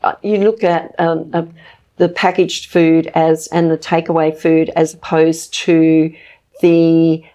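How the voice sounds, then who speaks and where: A woman hosting a conversational talk show, with a slightly low voice. She chats easily, agrees warmly with her guest and adds her own points. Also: little pitch movement, takes it slowly. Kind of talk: conversational interview.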